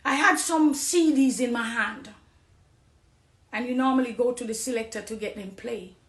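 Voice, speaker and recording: A woman's voice: fairly high pitch, normal speed. Impassioned Jamaican woman, echoey room. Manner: pleading, swings from hushed to loud and emphatic. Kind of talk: impassioned testimony.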